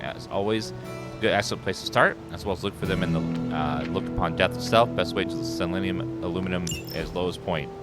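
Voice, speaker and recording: A man casually commenting on gameplay, reading game text aloud and swearing when excited. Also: low-pitched. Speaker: gaming streamer. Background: game music and sounds.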